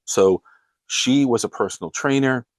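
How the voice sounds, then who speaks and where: A man's voice: medium pitch, measured pace, no echo. A man hosting a show, earnestly retelling a counseling client's story. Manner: earnest storytelling, frequently breaking into quoted dialogue.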